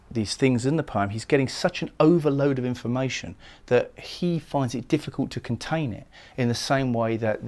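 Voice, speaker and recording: A man lecturing on a poem, explaining it thoughtfully and sometimes pausing to restart a phrase. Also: mid-range voice, a little mellow. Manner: reads verse lines slowly and solemnly. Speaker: poetry lecturer. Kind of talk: recorded lecture analysing a poem.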